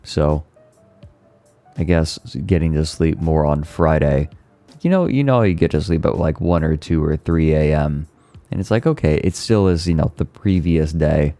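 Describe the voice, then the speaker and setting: Very deep-voiced, rambling male streamer. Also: moderate pace, mellow, no echo, soft background music. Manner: rambling, stumbling over words. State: tired. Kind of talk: casual chat.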